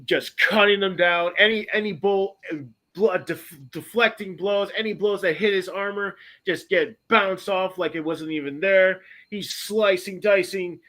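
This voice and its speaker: A man hosting a podcast, casually retelling a story in a rambling way, correcting himself often and breaking into bursts of excitement. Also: sits high, a little slow. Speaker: podcast host.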